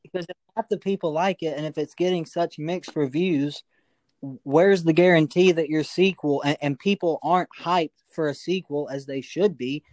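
A man co-hosting a podcast, arguing his point in a quick, insistent casual debate. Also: on the high side, steady tone, a little mellow, dry recording. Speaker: podcast co-host.

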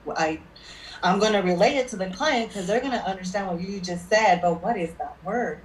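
A woman's voice: mid-range voice, fairly quick. Chatty woman medium, distant roomy mic. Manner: chatty anecdotal storyteller, checks in with "okay?". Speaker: spirit medium. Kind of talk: casual interview storytelling.

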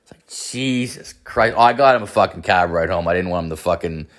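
A man's voice: low voice, brisk, a bit bright. A man casually telling a story, rambling and swearing freely, with constant filler words. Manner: rambling, profane, filler-heavy.

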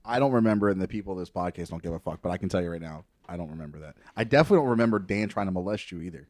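A man's voice: low voice, animated, racing, darkish tone, no room sound. A man co-hosting a podcast, joking sarcastically in casual banter. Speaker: podcast co-host.

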